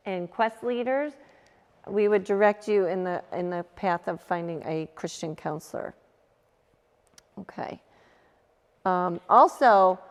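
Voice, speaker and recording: A woman youth group leader giving a gentle, coaching talk, with frequent restarts and fillers. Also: medium pitch, smooth, long reverb tail.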